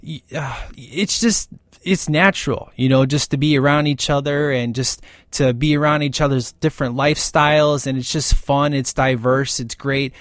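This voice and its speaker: A man's voice: mid-range voice, moderate pace, no room sound. Gushing man with a dry, close sound. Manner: gushing and animated, keeps saying "man". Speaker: film commentator. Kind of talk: casual enthusiastic scene-by-scene movie commentary.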